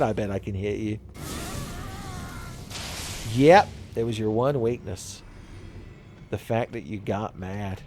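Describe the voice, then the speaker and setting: A man's voice: fairly low pitch, a little mellow. A man hosting a let's play, giving profane, sarcastic gameplay commentary and laughing at his own jokes.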